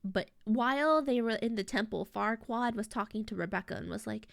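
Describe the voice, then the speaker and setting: A woman's voice: fairly high pitch, a little fast, gravelly, hardly any pauses, no room sound, studio quality. A young woman streaming, casually recapping a story in a rambling, slangy way full of fillers and restarts. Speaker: VTuber streamer.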